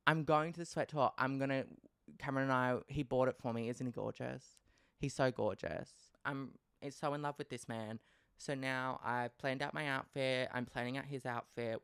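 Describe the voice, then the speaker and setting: An Australian man hosting a casual solo podcast, talking in an animated, playfully dramatic way and swearing freely. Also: medium pitch, smooth, no room sound, clean studio sound. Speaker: podcast host.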